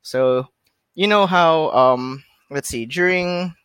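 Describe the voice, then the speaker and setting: A man hosting a podcast in casual chat, talking in a halting way with many fillers and restarts. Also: fairly high pitch, a bit bright, clear, resonant tone, no echo, muffled recording. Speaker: podcast host.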